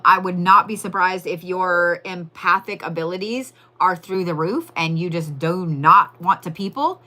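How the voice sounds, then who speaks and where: A woman's voice: medium pitch, pushed and bright. A woman giving a casual, profane live crystal and zodiac reading, chatting to viewers as y'all. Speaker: livestream tarot and crystal reader.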